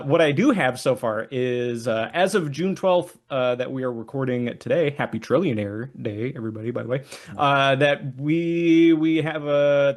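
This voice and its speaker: Playful man hosting a podcast. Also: a little high. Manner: playful, hammy, many filler uh's. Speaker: podcast host. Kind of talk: casual podcast chat with jokey scripted intro.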